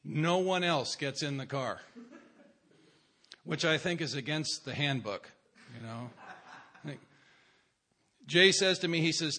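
A man's voice: fairly high pitch, lively intonation, takes it slowly, pauses often, sharp tone. Wry man telling a story. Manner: wry, self-mocking storyteller. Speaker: recovery meeting speaker. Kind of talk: humorous personal story to a meeting.

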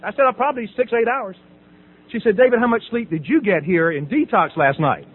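A man's voice: high voice, big pitch swings, brisk, breathy edge. A middle-aged man from the American South tells his recovery story, acting out conversations and laughing often. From Southern United States. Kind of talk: personal testimony talk. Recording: tinny phone-like audio.

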